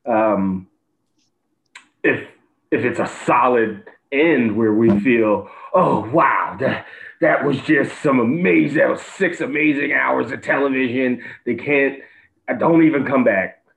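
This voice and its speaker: A man's voice: mid-range voice, slow pace, vocal fry, poor audio. A man co-hosting a podcast in casual chat, rambling through his points with frequent restarts. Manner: rambling, with many restarts and fillers. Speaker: podcast co-host.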